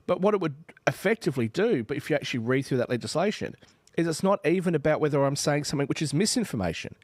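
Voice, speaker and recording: A man's voice: a little high, quick pace, dry recording. An Australian man in his forties, a finance trader arguing his point animatedly on a discussion panel. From Western Australia. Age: 40s. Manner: animated, argumentative, acts out imagined exchanges.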